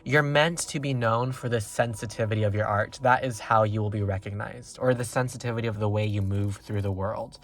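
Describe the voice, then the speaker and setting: A man giving a casual pick-a-card tarot reading, talking in a rambling, excitable way with lots of fillers and sudden leaps up in pitch. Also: brisk, few pauses. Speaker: tarot reader.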